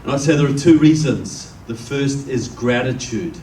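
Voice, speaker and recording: A man's voice: mid-range voice, animated, normal speed, mellow. New Zealand man giving a joking speech. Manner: folksy, joking storyteller. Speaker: guest speaker. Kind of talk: public speech to a live audience. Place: meeting room with an audience. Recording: roomy, distant, faint background noise.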